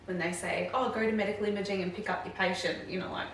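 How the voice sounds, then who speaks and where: A woman, co-hosting a casual podcast chat as a nurse, thinking out loud with many fillers. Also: medium pitch, steady tone, fast talker, a little hiss or hum. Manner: thoughtful, rambling, many "like" and "um". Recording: roomy room, distant mic, faint ambience.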